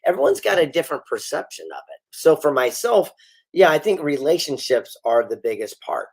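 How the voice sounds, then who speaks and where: A man's voice: fairly high pitch, big pitch swings, fairly quick, vocal fry, husky. A middle-aged man, a guest author and speaker, telling stories in an interview and acting out the dialogue he quotes. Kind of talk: storytelling interview.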